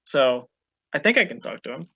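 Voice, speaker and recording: A player taking a turn in a tabletop game over voice chat, sounding relaxed and matter-of-fact. The voice sits at a middle pitch and comes through a dull, lo-fi mic with a dry sound. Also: normal speed, slightly rough, dry recording. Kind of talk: casual tabletop game play. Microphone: online voice call.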